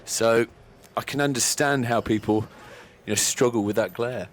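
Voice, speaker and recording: A man's voice: mid-range voice, normal speed, a little hiss or hum. Man, ex-cricketer co-commentator, slightly out of breath, frank and easygoing. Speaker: former England cricketer, co-commentator. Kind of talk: expert summariser chat.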